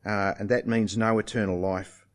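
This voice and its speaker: A man preaching a sermon, emphatic and animated, putting rhetorical questions to his listeners. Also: fairly low pitch, moderate pace.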